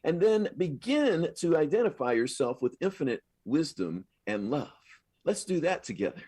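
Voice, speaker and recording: A man delivers a sermon in a husky voice whose pitch rises and falls with lively swings. He preaches in a chatty, affirming manner and circles back to repeat his points. The sound is dry and close, with little room echo. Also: normal speed. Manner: affirming, repetitive, conversational preaching. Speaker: minister. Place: live service at a spiritual center.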